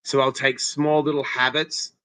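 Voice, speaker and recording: A man's voice: medium pitch, little pitch movement, normal speed, a bit bright, smooth, no echo. A man giving an emphatic, coaching-style interview as a guest interventionist, often checking in with "okay?" and "right?". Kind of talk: motivational interview talk.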